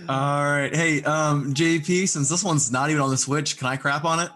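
A man's voice: a little high, steady tone, normal speed, sharp tone, faint music behind. A young man co-hosting a casual gaming podcast, joking around and ribbing his friends. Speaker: podcast co-host.

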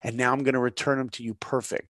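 A man's voice: medium pitch, flat delivery, fast talker, fairly bright tone, no room sound, clean studio sound, close to an everyday voice. A man quoting a fervent young mother. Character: desperate young mother, a woman.

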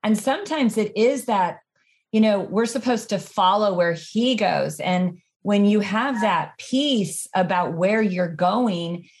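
A woman's voice: mid-range voice, slow pace. Encouraging woman podcast host. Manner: encouraging, reflective. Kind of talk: casual podcast interview.

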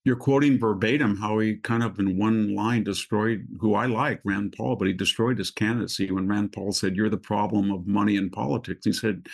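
Gravelly older man telling stories. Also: on the low side, normal speed, hardly any pauses. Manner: storytelling, quotes others in animated asides. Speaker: guest commentator. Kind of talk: political talk show conversation.

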